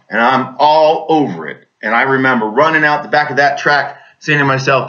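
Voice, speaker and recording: A man's voice: medium pitch, normal speed, few pauses, pushed and bright, dull audio. Intense man telling a war story. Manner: vivid, intense, with many restarts. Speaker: army veteran recounting combat. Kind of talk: casual spoken storytelling.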